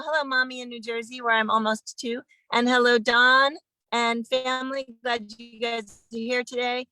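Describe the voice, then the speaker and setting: A woman hosting an online sing-along, warmly greeting viewers one by one over a phone video call. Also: a little high, no room sound, rough recording. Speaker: host.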